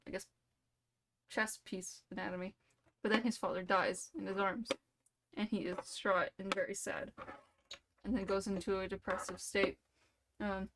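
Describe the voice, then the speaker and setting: A woman's voice: medium pitch, fairly bright tone, slight background noise. A woman streamer spinning a playful, dramatic, rambling story in casual livestream chat.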